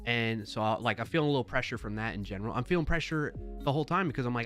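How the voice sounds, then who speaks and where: A man's voice: medium pitch, lively intonation, quick pace, few pauses, fairly bright tone, faint music behind. A man in his thirties hosting a livestream, telling a casual, rambling story with lots of fillers and restarts into a desk mic. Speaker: livestream host.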